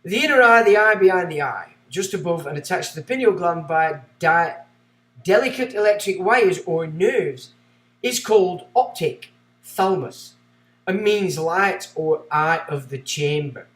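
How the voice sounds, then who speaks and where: A man with a fairly high voice hosts a livestream, reading passages from a book aloud. He keeps breaking off into rambling, excitable asides. The sound is roomy and echoey. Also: measured pace. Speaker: livestream host.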